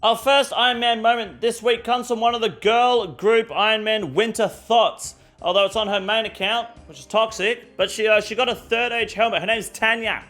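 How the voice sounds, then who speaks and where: A man's voice: sits high, fairly even intonation, moderate pace, few pauses, a bit bright, faint music behind. A man hosting a weekly gaming news show, ranting bluntly and crudely with plenty of swearing. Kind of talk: casual gaming news rant.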